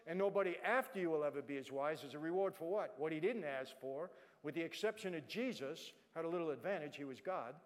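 A middle-aged man giving a personal testimony to an audience, swinging from hushed to loud, emphatic passages. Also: fairly high pitch, animated, fairly quick. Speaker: guest speaker. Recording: long hall reverb.

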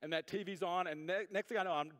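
In a reverberant hall, a male pastor with a high, fast voice and fairly even intonation delivers a sermon. He swings between hushed, quiet passages and loud, emphatic ones, tossing folksy jokes to the congregation.

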